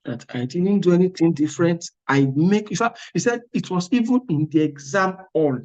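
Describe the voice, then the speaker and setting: An exam prep tutor with a high, slightly mellow voice gives a motivational class talk at a moderate pace, heard through a muffled recording. He's emphatic and repeats his words, often asking "are you with me?"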